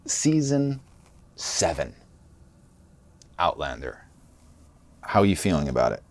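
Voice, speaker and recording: A man's voice: low-pitched, huge pitch swings, takes it slowly. A man hosting a podcast interview, playful, joking and laughing along with his guest. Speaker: podcast host.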